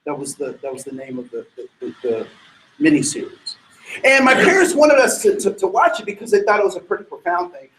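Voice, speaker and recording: Man, sermon-like talk, emphatic, rhetorical questions, high voice, echoey room. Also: brisk, slight background noise. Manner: animated, emphatic, many restarts and rhetorical questions. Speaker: speaker addressing an audience.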